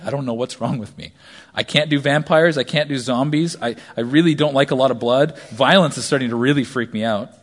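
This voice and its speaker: A man in his thirties preaching a sermon, telling stories animatedly and swinging between hushed asides and loud shouts. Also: medium pitch. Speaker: pastor.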